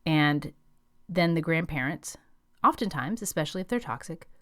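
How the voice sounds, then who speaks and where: Woman podcast host, lowish voice, calm but firm, dry close mic. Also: moderate pace, dry recording. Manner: calm, direct, emphatic. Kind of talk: advice podcast monologue.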